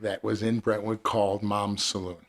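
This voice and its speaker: A man's voice: lowish voice, normal speed. Man telling bar stories. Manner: animated, profane anecdotes with acted quotes. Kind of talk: casual storytelling chat.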